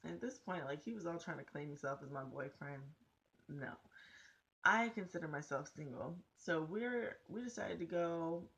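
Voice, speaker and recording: A young woman vlogger telling a storytime to her camera in a casual, animated, blunt and profane way. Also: low-pitched, moderate pace, gravelly.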